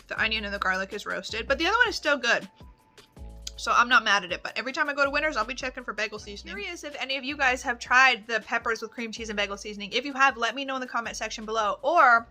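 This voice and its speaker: A woman's voice: fairly high pitch, fast talker, pushed and bright, soft background music. A woman vlogging casually at home, chatting cheerfully while she cooks. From Canada. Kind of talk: casual chat.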